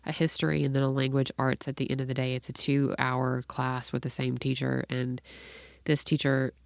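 A middle-aged woman telling a story in casual chat, bringing the people in it to life. Her voice sits low and sounds dry and close, with no room around it. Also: normal speed, creaky, no room sound. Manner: animated storyteller, acts out quoted voices.

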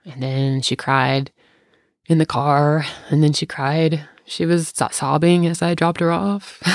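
A woman telling a personal story in casual conversation, emotional and halting, often restarting her sentences. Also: deep voice, steady tone, dry recording. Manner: tender, close to tears at times.

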